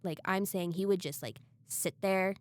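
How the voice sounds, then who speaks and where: A young woman co-hosting a casual podcast, telling stories candidly, rushing at times and then slowing for emphasis. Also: fairly low pitch, no echo. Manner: candid storytelling, rushes then slows for emphasis. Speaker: podcast co-host. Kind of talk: casual chat.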